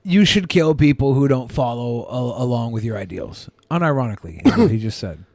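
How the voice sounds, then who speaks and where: A man's voice: mid-range voice, lively intonation, brisk, a little mellow, no room sound. A man hosting a podcast, ranting and swearing in casual chat. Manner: profane, ranting. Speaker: podcast host.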